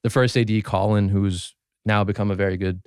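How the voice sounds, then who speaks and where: A man in his twenties, a podcast guest, telling relaxed anecdotes full of fillers and restarts. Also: lowish voice, a little fast, smooth, no room sound, clean studio sound. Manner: relaxed, anecdotal, many fillers and self-corrections. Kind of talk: casual storytelling chat.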